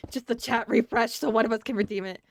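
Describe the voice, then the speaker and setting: Chatty streamer woman, higher voice. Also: creaky, a little mellow. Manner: chatty and scattered, laughing often, talking to chat. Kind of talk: casual live-stream chat.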